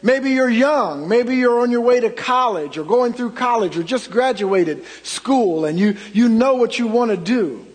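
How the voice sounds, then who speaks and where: A middle-aged man preaching a sermon, telling stories and swinging from loud emphasis to hushed asides. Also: very high voice, lively intonation, unhurried, hardly any pauses, breathy edge. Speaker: pastor. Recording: long hall reverb.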